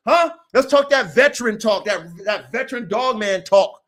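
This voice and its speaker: A man's voice: sits high, lively intonation, moderate pace, hardly any pauses, a bit bright. A man hosting a dog podcast, delivering a boastful, combative, profane rant full of repetition and challenges to listeners. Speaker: podcast host, dog breeder. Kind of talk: profane ranting monologue.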